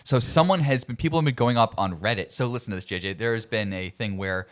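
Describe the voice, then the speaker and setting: A man's voice: on the low side, fast talker, fairly bright tone. Rambling, laughing male podcast co-host. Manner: rambling, laughs while retelling scenes. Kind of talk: casual chat.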